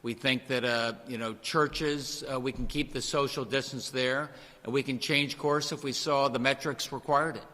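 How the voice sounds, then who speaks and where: Male governor at a briefing; bright, measured delivery with fillers, long room reverb. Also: mid-range voice, fairly even intonation. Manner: measured, filler-heavy replies. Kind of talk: press briefing answers.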